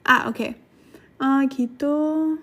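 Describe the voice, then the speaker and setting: Sick woman hosting a casual livestream lesson, high and unhurried, thinks aloud. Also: fairly even intonation, fairly bright tone. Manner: thinks aloud, pauses to look things up, laughs at herself; slow careful explanations. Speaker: Korean language teacher on a livestream.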